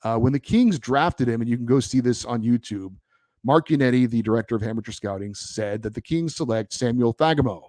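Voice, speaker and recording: A man's voice: medium pitch, a little fast, a little mellow, dry recording. A man hosting a sports podcast, reading and answering listener mail in a conversational, argumentative way. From born in Hawaii, raised in California. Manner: conversational, pushes back, many fillers. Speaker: podcast host. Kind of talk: casual hockey podcast, reading listener feedback.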